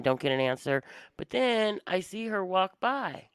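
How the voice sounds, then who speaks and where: Blunt, smooth-voiced woman venting. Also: mid-range voice, big pitch swings, moderate pace, no room sound. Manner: blunt, exasperated, swears freely. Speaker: podcast co-host. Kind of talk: casual storytelling chat.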